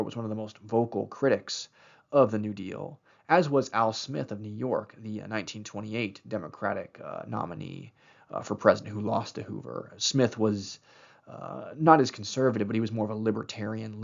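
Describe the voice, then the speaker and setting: A man's voice: on the low side, a little fast, gravelly, muffled recording. A man giving a recorded history lecture over slides, talking loosely with many fillers and restarts.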